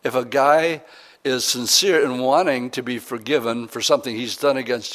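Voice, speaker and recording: A man's voice: medium pitch, normal speed, fairly bright tone. Man preaching an earnest sermon. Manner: earnest, conversational preaching with emphatic rises. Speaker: pastor.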